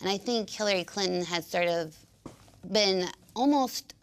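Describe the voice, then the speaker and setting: A woman's voice: medium pitch, unhurried, clear, resonant tone. A young woman guest with an unusual speaking voice, chatting casually in an interview and restarting her sentences with fillers. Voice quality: unique speaking voice.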